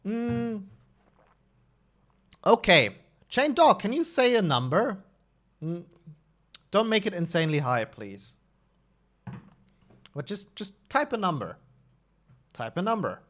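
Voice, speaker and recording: Male streamer, 30s, casual live chat; bright-ish voice, very animated pitch, lots of self-corrections. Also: takes it slowly, pauses often. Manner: talkative, self-correcting, restarts often. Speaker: streamer and level designer.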